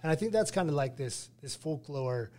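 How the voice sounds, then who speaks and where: 40s guy from utah telling fight stories, acts out the dialogue, relaxed chat. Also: a little high, moderate pace. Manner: lively storyteller who acts out dialogue. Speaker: guest, retired fighter. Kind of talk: casual storytelling interview.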